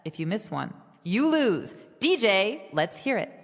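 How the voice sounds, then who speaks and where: A woman's voice: medium pitch, big pitch swings, measured pace, big-room sound. A woman playing an upbeat game show host in a scripted skit, announcing in a showy way.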